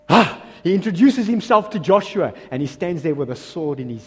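A man with a South African accent preaching a sermon as pastor, switching between loud exclamations and quiet asides. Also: fairly high pitch, moderate pace, big-room sound, a little hiss or hum. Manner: animated preaching, shifts between shouting and hushed asides.

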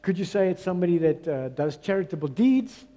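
A man's voice: high-pitched, lively intonation, fairly quick, mellow, long reverb tail. A man preaching a sermon in a church, emphatic and repeating his key phrases. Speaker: pastor.

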